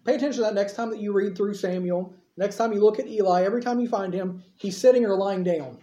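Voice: mid-range voice, quick pace, warm tone. A preacher giving a sermon who retells the story in plain, conversational language with casual asides. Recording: echoey, slightly dull sermon recording.

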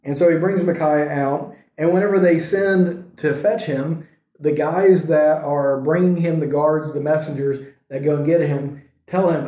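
A man teaching a Bible passage in a relaxed, conversational way, retelling scripture in everyday speech and often checking in with "right?". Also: a little high, normal speed. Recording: echoey room.

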